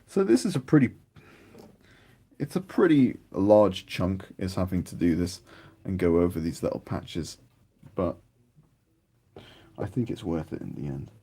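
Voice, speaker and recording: A British man from the United Kingdom, with a gravelly, low voice, chats unhurriedly while painting miniatures on his stream. His talk is rambling and casual, growing more animated as he goes.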